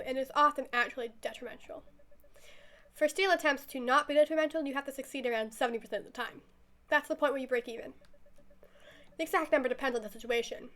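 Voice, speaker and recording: Earnest, lecturing nerdy teen girl from a game, high and bright, read by a woman. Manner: matter-of-fact, lecturing.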